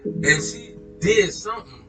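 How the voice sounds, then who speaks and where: A young man chats loosely on a podcast, rambling and slangy. His voice sits slightly high for a man, and music runs clearly in the background. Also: unhurried. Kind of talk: casual chat.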